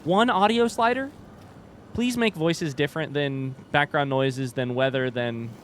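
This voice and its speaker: A man streaming a horror game with casual commentary, animated and wry, swearing and joking as he plays. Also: a little high, unhurried, slight background noise. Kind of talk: casual let's-play commentary.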